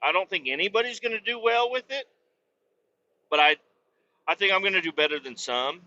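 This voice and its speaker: A man's voice: high-pitched, lively intonation, fairly quick, pushed and bright, muffled recording. A man hosting a podcast from his truck cab, rambling and joking with lots of swearing in a casual monologue. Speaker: podcast host. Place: truck cab while driving.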